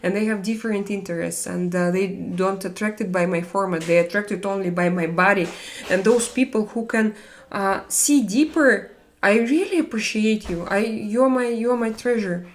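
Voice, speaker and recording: A woman from Russia with a Russian accent, hosting a live stream and chatting with viewers, halting with many fillers and restarts. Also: mid-range voice. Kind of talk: casual chat reading viewer comments.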